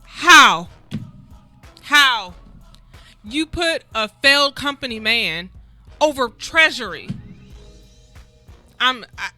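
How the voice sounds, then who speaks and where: A woman's voice: fairly high pitch, animated, slow, pauses often, sharp tone, faint music behind. A woman co-hosting a talk show, incredulous and sarcastic, firing off rhetorical questions. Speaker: guest co-host. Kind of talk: casual talk show chat.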